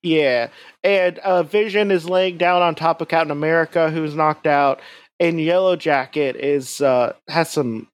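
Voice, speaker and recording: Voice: medium pitch, unhurried. A podcast host chatting casually about comics, rambling with frequent restarts. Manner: rambling, many fillers and restarts. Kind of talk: casual comic-book chat.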